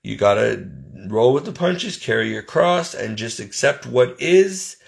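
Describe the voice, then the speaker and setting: Speaking straight to his audience, this vlogger runs through his problems with plain-spoken exasperation. He has a mid-range, expressive voice with vocal fry and talks a little slowly.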